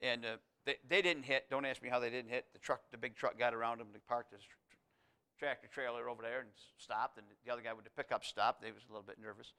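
A man preaching a sermon, moving between loud, emphatic declarations and quiet, intimate asides. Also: medium pitch, steady tone, quick pace, clean tone.

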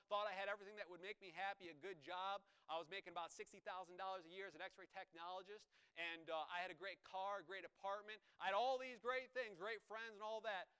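A man from New York preaching a sermon, animated, acting out quotes with a raised voice. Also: clean tone, low-quality recording. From New York, USA. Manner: animated, acts out quotes with rising pitch and volume. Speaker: visiting preacher.

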